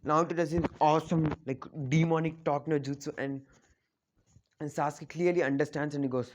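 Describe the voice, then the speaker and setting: A man casually retells a fan story in a rambling way, stumbling over restarts and filler words. His voice is somewhat high for a man, and the recording sounds dull and lo-fi with a faint hiss behind it. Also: steady tone, a little fast.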